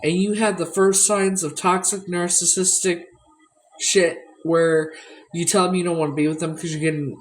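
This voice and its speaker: A woman's voice: fairly low pitch, fairly even intonation, moderate pace, slight background noise, low-quality recording. A woman chatting candidly on a livestream from her home, blunt, rambling and swearing freely. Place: at home indoors.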